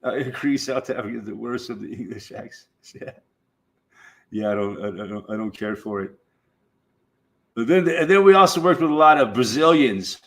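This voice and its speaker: A middle-aged American livestream host with a medium-pitched, fairly bright voice and some vocal fry. He drawls slowly through a loose, rambling chat, swearing freely and laughing often between thoughts.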